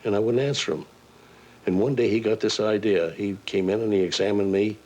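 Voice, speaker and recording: A man's voice: lowish voice, a little fast, darkish tone. An older man, a voice actor, telling chuckling stories in a casual interview and slipping into character voices. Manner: chuckling storyteller who slips into character voices. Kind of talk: casual anecdotal interview chat.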